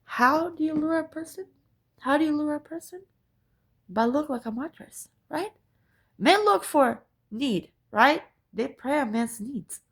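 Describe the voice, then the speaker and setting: A woman's voice: sits high, lively intonation, a little slow. A woman ranting to camera, profane and emphatic, repeating her points and asking "right?" again and again. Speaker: spiritual vlogger.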